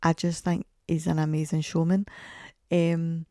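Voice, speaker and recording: A woman's voice: sits low, flat delivery, a little slow, dark tone, no echo, studio quality. A woman in her forties hosting a podcast, telling chatty, rambling, self-mocking stories. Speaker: podcast host. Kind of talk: casual podcast monologue.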